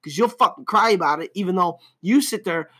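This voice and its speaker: An angry man rants on his podcast, cursing constantly. His pitch leaps high and drops low as he shifts between loud outbursts and low mutters, all in a casual, profane monologue. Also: expressive, a little fast, husky. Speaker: podcast host.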